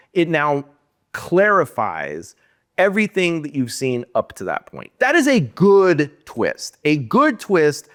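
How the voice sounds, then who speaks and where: A man's voice: mid-range voice, fairly bright tone. A man co-hosting a podcast, talking through a film plot in casual chat and ranting with exasperated rhetorical questions. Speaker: podcast co-host. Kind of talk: casual movie review chat.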